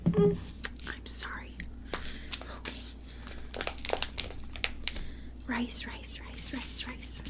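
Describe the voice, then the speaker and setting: A woman voicing a clumsy, well-meaning young female elf in a whispered role-play, talking softly and apologetically into a close microphone. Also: high-pitched, animated, takes it slowly. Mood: soothing apologetic. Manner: soft, apologetic, fussing over a teddy.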